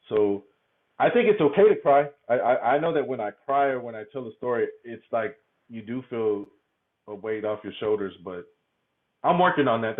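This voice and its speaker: A man speaking candidly as a podcast guest, laughing often and stumbling over repeated words. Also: on the low side. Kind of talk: candid conversational interview. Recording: tinny phone-like remote line.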